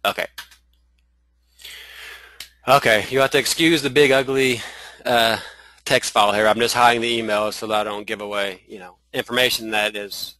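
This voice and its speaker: A man with a Southern accent teaching a live screen-share webinar, talking in halting runs full of restarts and fillers. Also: medium pitch, steady tone, bright, forceful tone, dry recording, rough recording. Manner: halting, many restarts and fillers, addresses viewers as y'all. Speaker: online marketing trainer.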